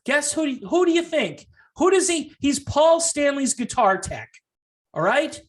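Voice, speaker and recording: Man on a yelling, sarcastic rant. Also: extremely high pitch, sing-song, a little slow. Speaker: music commentary vlogger. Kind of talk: heated rant to camera.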